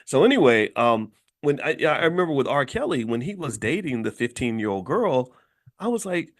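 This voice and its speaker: Man from Kentucky, middle-aged, blunt motivational commentary, emphatic, repeats himself, mid-range pitch. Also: sing-song, moderate pace. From Louisville, Kentucky, USA. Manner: blunt, emphatic, repeats words as he builds a point. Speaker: host.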